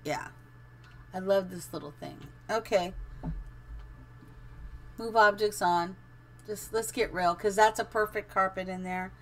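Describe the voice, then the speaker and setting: A middle-aged woman chats casually while building in a game on a live stream. She thinks aloud, giggles, and rambles warmly at an everyday middle pitch, with a faint hum of noise behind her. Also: unhurried, pauses often.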